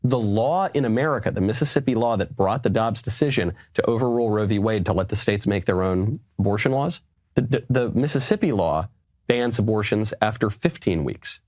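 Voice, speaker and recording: A man's voice: lowish voice, expressive, fairly quick, darkish tone, dry recording, studio quality. Sarcastic lecturing male commentator. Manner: sarcastic, lecturing, laughs at his own points. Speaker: political commentator. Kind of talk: political commentary clip.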